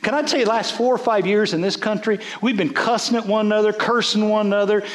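A man's voice: sits high, fairly even intonation, fast talker, reverberant. A man, a bishop, preaching a folksy sermon, repeating words as he builds.

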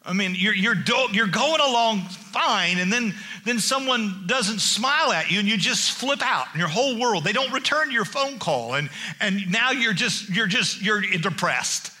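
A male pastor delivers a sermon in a chatty, joking way, restarting phrases as he goes. His voice sits high and very bright. He swings up and down in pitch and slips into the Bible figures he quotes. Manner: animated, acts out Bible figures in quick asides; jokey and conversational, with many restarts.

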